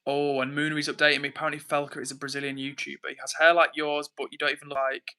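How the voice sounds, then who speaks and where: Bright-voiced man reading chat on stream. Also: on the high side, flat delivery, very fast, smooth. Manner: reads viewer messages aloud, defensive and chatty. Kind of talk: casual livestream chat.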